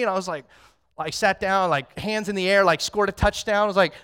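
A man in his thirties delivers a sermon in a casual, conversational way, as if talking with friends. His voice sits a little high for a man. He tells stories and drops to a hush, then rises to loud excitement. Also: a little fast, clean tone. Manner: conversational, storytelling, swings from hushed to loud. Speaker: pastor.

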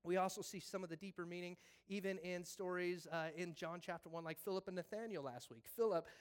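A man's voice: sits high, brisk, clear, resonant tone. A man preaching a sermon in a casual way, acting out the voices of biblical figures. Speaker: pastor.

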